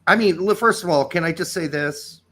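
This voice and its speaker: A man's voice: on the high side, brisk, a bit bright. A man co-hosting a casual soccer podcast, blunt and sardonic, swearing freely. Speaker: podcast co-host. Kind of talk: casual chat.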